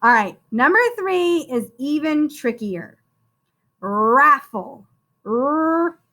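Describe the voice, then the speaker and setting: A woman teacher giving a slow, sing-song phonics spelling lesson to young children, encouraging them and calling each one "friend". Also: high-pitched, expressive, sharp tone.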